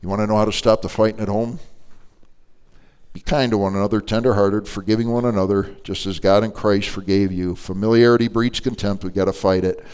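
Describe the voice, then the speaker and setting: An older man preaching a sermon to an adult Bible class, telling stories in an animated, emphatic way. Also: on the low side, brisk, smooth.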